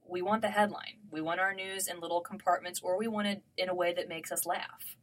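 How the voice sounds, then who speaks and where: A woman hosting a podcast, speaking in a brisk, matter-of-fact way. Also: lowish voice, fairly even intonation. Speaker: podcast host. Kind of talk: conversational podcast discussion.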